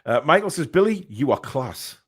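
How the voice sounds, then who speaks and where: A man's voice: fairly high pitch, very animated, moderate pace, husky. A man hosting a casual football podcast, reading out live chat comments with lots of ums and uhs.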